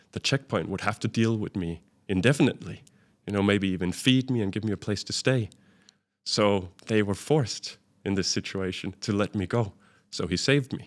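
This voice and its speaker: A man, a guest in an interview, telling a vivid travel anecdote and acting out the dialogue he quotes. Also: fairly low pitch. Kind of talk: storytelling in a conversational interview.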